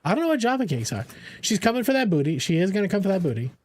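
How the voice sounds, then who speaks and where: A man's voice: sits high, big pitch swings, rapid-fire. A young man streaming a game, chatting casually and playfully with his viewers, rambling and joking as he goes. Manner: playful, rambling, answers chat and jokes around. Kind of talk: casual live-stream chat.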